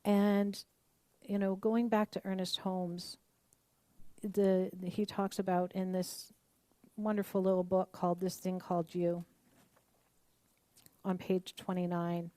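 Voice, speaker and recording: A middle-aged woman minister giving a conversational, animated sermon and acting out the voices of the people she quotes. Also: on the low side, slow pace, long pauses, dry recording.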